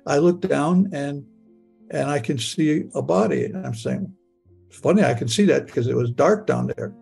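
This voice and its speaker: An older man recounts a personal experience in the present tense. He stammers and repeats words. His voice is gravelly and husky, and faint music plays softly underneath. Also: a little high, big pitch swings, normal speed. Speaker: near-death experience storyteller.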